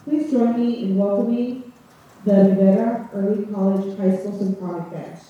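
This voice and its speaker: A woman's voice: mid-range voice, fairly even intonation, normal speed, muffled recording, slight background noise. A woman making a formal announcement to welcome a band to the stage. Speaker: event announcer. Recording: far-off voice in an echoey hall.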